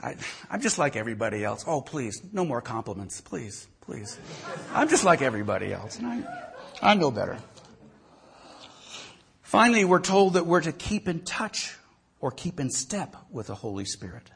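Gravelly male pastor, animated storyteller, sermon. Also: mid-range voice, moderate pace, a little hiss or hum. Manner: storytelling, animated, repeats words.

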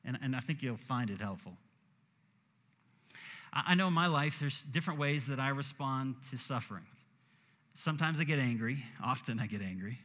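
A man's voice: mid-range voice, animated, moderate pace, pauses often, a bit bright, in a large hall. A man preaching a sermon as pastor, earnest, acting out short prayers in quoted voices.

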